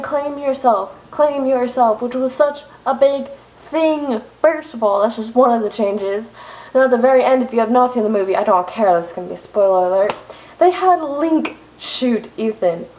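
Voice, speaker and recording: A young woman vlogger ranting angrily to her camera, fast and exasperated with sudden outbursts. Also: on the high side, a little mellow, low-quality recording. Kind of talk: angry rant to camera.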